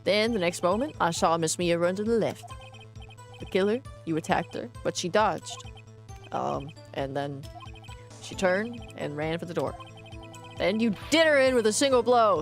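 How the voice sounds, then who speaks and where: A woman's voice: on the low side, lively intonation, moderate pace, creaky, pauses often, soft background music. A woman streaming a game in casual commentary, playful and cursing, reading the game's text aloud as she goes.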